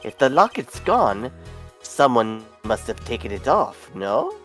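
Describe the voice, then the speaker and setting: A formal courtroom judge read out by a player during a game session speaks in measured, deliberate lines. The pitch swings widely, and a faint game score plays underneath. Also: big pitch swings, a bit bright, soft background music. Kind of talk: reading game dialogue aloud.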